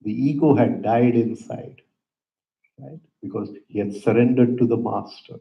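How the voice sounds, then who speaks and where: Calm man teaching yoga breathing. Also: mid-range voice, creaky. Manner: calm instructive, frequent "right?" asides, soft pauses. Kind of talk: guided breathing lesson with storytelling. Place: yoga center room. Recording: roomy, dull lo-fi hall recording.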